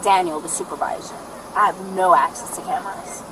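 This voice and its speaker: A woman's voice: fairly low pitch, steady tone, brisk, background noise. A woman being questioned by police, answering in a defiant, matter-of-fact, rambling way. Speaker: arrested mother being questioned.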